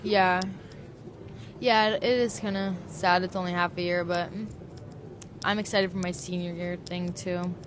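A young woman guesting on a casual podcast chat. She talks in an easygoing way and answers with quick agreements. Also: on the low side, flat delivery, background noise. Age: young adult. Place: airport terminal. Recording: busy airport crowd behind.

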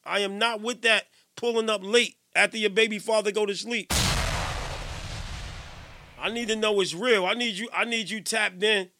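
A man hosting a live radio show in casual chat, playful and teasing, giving hyped shout-outs. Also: high voice, steady tone, normal speed.

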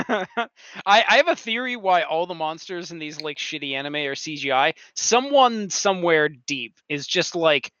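A man's voice: a little high, expressive, normal speed, pushed and bright, lo-fi sound. A man as a guest on a comedy podcast, playful and joking, giggling often. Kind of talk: casual comedy podcast chat.

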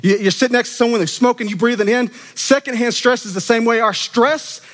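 A man preaching an animated, conversational sermon as a student minister, acting out quoted voices. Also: extremely high pitch, brisk. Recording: long reverb of a church hall.

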